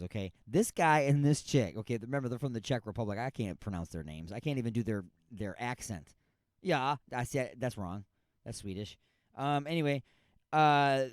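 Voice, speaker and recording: Lively, incredulous male radio host. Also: medium pitch, dry recording, clean studio sound. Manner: incredulous, rambling, mock-outraged asides. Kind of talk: comedic news riffing.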